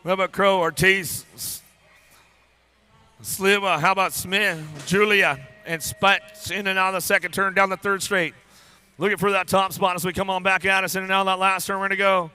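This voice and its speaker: High, bright-voiced man calling BMX races. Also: flat delivery, clean tone. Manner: rapid-fire, playful, joking with riders and crew. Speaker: race announcer. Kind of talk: live race commentary. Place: BMX race track.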